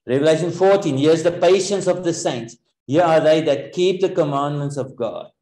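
A man's voice: fairly high pitch, warm tone. Earnest male preacher in an echoey room. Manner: earnest, explanatory, pausing often with fillers. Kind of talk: sermon.

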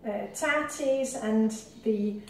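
Scottish lady chatting while she cooks, kinda high voice, super echoey kitchen, mic far off. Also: slow, a little mellow. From Scotland. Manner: chatty, rambling, self-deprecating asides. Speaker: cooking vlogger. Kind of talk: casual cooking demonstration. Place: home kitchen.

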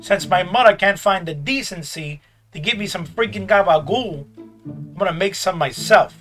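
A man's voice: sits high, lively intonation, a bit bright. A man voicing a brash Italian-American mobster with a New York accent, picking fights while narrating a game. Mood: rowdy. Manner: tough-guy, swaggering, quick to pick fights. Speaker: gaming YouTuber. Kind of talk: in-character comedic gameplay commentary. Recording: roomy echo with game music behind.

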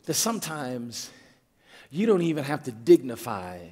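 A man's voice: medium pitch, sing-song, normal speed, a little mellow. A man preaching a sermon as pastor, driving his point home with emphatic repetition and stammered restarts. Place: church auditorium. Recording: long reverb of a large hall.

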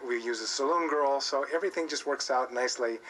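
A man explaining a stage adaptation in a halting, filler-heavy way in a casual interview. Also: mid-range voice, poor audio.

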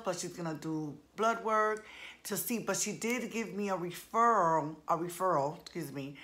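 Woman, forties, casual vlog chat, slangy, slightly low voice. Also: fairly bright tone. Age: 40s. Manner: chatty, talks straight to viewers as y'all; colloquial, playful slang. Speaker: vlogger.

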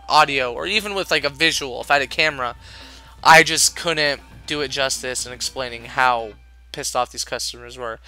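A man's voice: mid-range voice, sharp tone. A young man working a retail service desk, telling customer stories in an exasperated, profanity-laced rant. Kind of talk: ranting storytime vlog.

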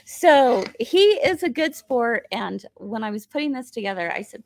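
A woman hosting a live sewing tutorial, bubbly and chatty and laughing often, her voice slightly hoarse. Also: on the high side, big pitch swings, moderate pace, few pauses, dry recording. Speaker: quilt shop host.

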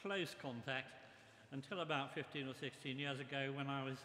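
An older man giving a memorial tribute speech, reminiscing in a measured way. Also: mid-range voice, steady tone, sharp tone, slight background noise. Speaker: memorial speaker. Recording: echoey hall with long reverb.

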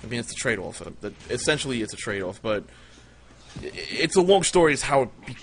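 A man's voice: medium pitch, big pitch swings, fairly quick, vocal fry, a little hiss or hum. A man hosting a livestream, telling crude comic tall tales in a rambling, swearing style. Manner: rambling, swears a lot, jumps into loud quoted voices. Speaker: livestream storyteller, host.

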